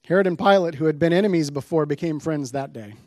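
A man's voice: on the high side, fast, a little mellow, no room sound, clean studio sound. A man giving a sermon, reading scripture aloud with dramatic emphasis on the quoted lines before explaining the passage. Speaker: preacher.

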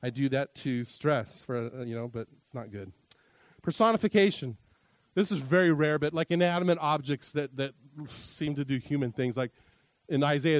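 Chatty male pastor, fairly high voice. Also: moderate pace, dry recording. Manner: conversational and jokey, acting out quoted lines. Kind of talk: sermon teaching on interpreting scripture.

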